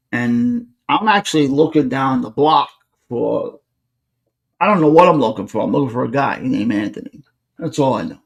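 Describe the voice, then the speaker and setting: A man's voice: mid-range voice, creaky. A man, hosting a podcast and animatedly telling a personal story, acting out the dialogue. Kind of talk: casual storytelling.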